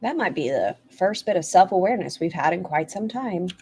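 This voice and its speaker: A woman's voice: lowish voice, expressive, brisk, a little mellow, husky. A woman hosting a casual commentary stream, making snarky, sarcastic remarks.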